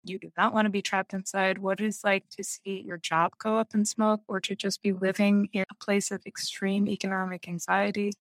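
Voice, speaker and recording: A woman's voice: mid-range voice, little pitch movement, moderate pace, few pauses, no echo. A woman speaking candidly in a casual conversation, often laughing as she talks. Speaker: guest.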